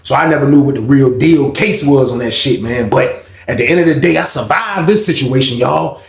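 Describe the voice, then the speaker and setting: A man's voice: mid-range voice, a little fast, creaky, reverberant. A man casually telling a story from his time in jail, swearing freely and often asking "you know what I mean".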